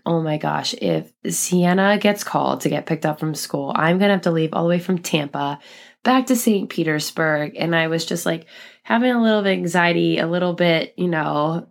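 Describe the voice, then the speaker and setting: Mom and teacher in her thirties, chatty podcast host, low pitch, gravelly fry. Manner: chatty, lots of "like" and quoted inner thoughts. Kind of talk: casual personal storytelling.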